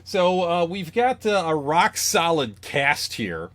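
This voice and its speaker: A man's voice: fairly high pitch, very animated, slow pace, fairly bright tone. A young adult man co-hosting a movie podcast, teasing in a dry, witty way. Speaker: podcast co-host. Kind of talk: casual chat.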